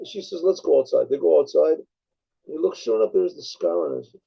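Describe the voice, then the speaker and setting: A rabbi tells a story in a gravelly, husky voice that sits fairly high for a man. He rambles, restarts his sentences and clears his throat often. The recording is dull and lo-fi. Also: huge pitch swings, normal speed. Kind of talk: storytelling talk.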